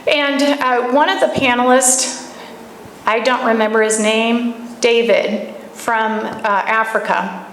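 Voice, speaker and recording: Female speaker giving a live talk, fairly high voice, storytelling delivery with questions thrown to the room; echoey room. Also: fairly even intonation, slow, a bit bright. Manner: storytelling, asks the audience pointed questions. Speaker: speaker at a camp gathering. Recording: echoey room with faint background noise.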